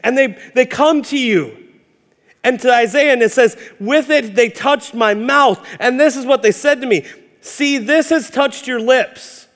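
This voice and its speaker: A man's voice: very high-pitched, unhurried, fairly bright tone. A male pastor in his thirties preaching a sermon, impassioned and storytelling, stumbling over repeated words as he builds up. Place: church sanctuary. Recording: hall reverb.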